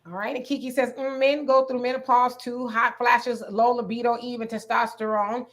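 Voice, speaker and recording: A woman's voice: a little high, level tone, normal speed. A woman hosting a casual livestream, reading viewer comments aloud, greeting people by name and laughing often. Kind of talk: casual live chat.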